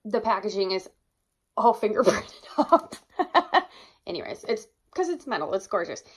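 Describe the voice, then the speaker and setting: A woman's voice: mid-range voice, big pitch swings, measured pace, slightly rough. A young woman in a casual vlog, gushing enthusiastically over her favorite makeup products and exclaiming often. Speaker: beauty vlogger.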